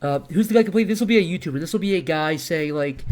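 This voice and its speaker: A young man talks into a desk microphone in a casual live stream, with a voice set a little higher than most men's. He rambles as he thinks aloud, stopping, restarting and leaning on fillers as he explains his ideas. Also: very fast, few pauses, darkish tone.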